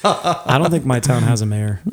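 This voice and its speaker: A man's voice: mid-range voice, lively intonation, normal speed, a little hiss or hum. A man co-hosting a casual podcast with friends, wry and self-deprecating as he joins in the jokes. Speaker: podcast co-host. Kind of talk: joking banter.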